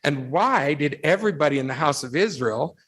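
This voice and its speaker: Man, devotional speaker, slightly high voice, animated storytelling, rhetorical questions. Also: fairly quick. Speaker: religious speaker addressing youth. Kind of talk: devotional talk with anecdotes.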